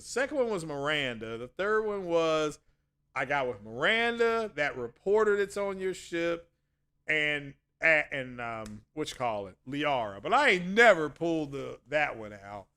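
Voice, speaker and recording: A man's voice: high voice, a bit bright. A man hosting a casual livestream, chatting with viewers in a rambling way and often correcting himself mid-sentence. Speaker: channel host.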